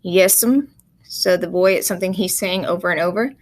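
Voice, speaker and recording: A woman teacher giving a recorded writing lesson, explaining in a calm, measured way. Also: on the low side.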